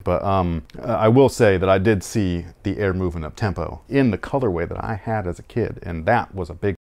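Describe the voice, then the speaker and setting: A man's voice: sits low, a little fast, darkish tone. A man from Sacramento co-hosting a podcast, telling a story in a casual, profane, self-mocking way with many restarts. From Sacramento, California. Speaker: podcast co-host.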